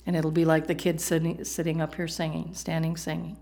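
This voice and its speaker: A woman's voice: low-pitched, monotone, fairly quick, dark tone. A middle-aged woman from the United States preaching a sermon, telling a story with humorous asides to the congregation.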